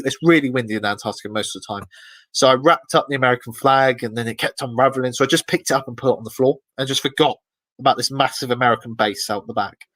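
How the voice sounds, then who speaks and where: A man, the guest in an interview, telling lively anecdotes in a casual way and acting out the voices of people he quotes. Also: medium pitch, no room sound, low-quality recording. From Britain. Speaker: expedition guest.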